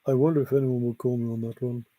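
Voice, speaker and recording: A man with a medium-pitched, mellow voice talks fast in a flat delivery, with no echo. He's hosting a casual livestream, reading chat and greeting viewers by name in a jokey, chatty way. His heritage is half Italian, half Scottish.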